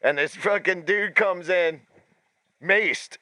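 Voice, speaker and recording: A man hosting a podcast, telling profane stories in a casual, animated way and acting out the voices of the people in them. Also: high voice, takes it slowly, no echo. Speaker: podcast host. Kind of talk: casual storytelling.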